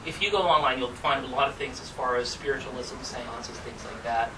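A man's voice: medium pitch, brisk. A man presenting a magic workshop, chatting and teasing a volunteer in front of a small group. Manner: chatty, teasing, theatrical asides. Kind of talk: live workshop demonstration. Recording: distant mic with clear background noise.

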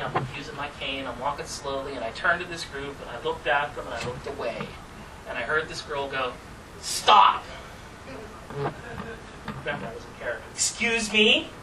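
A man giving a casual, chatty talk to a room about performing magic, laughing at his own stories. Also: medium pitch. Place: room with an audience. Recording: distant mic with background noise.

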